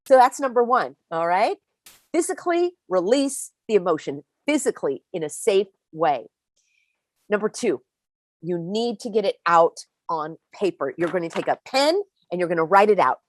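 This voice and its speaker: A woman's voice: mid-range voice, moderate pace, no echo. Woman host, live-stream pep talk, emphatic, dry close sound. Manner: animated, emphatic, speaks straight to viewers.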